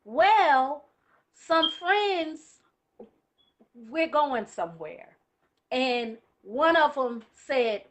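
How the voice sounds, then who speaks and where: A woman telling a lively personal story in casual conversation, getting emotional as she goes. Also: sits high, takes it slowly. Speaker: guest.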